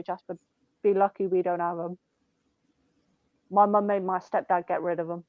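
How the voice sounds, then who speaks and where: A woman's voice: on the low side, steady tone, a little fast, dry recording, narrow, tinny audio. Young woman, sweary rambling stories. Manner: swearing, rambling storytelling with lots of "I'm like". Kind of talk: casual chat.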